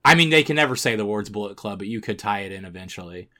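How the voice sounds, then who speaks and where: Bright-voiced man, hesitant casual chat. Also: lowish voice, fast talker. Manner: relaxed, hesitant, many fillers. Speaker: podcast co-host.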